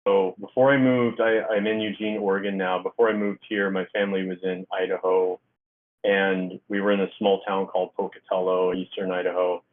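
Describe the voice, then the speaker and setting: A man with a fairly low voice tells a long personal story, rambling and restarting as he acts out what people said. He comes through a thin, phone-like line. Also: little pitch movement, brisk. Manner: rambling, with many restarts and acted-out dialogue. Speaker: guest author. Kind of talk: storytelling in a casual interview. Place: Oregon.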